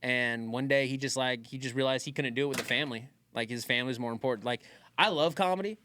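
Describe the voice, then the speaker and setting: A man's voice: mid-range voice, quick pace, pushed and bright, slight background noise. A man who does stand-up, co-hosting a podcast in casual chat, earnest and rambling with many fillers. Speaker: podcast co-host, stand-up comedian.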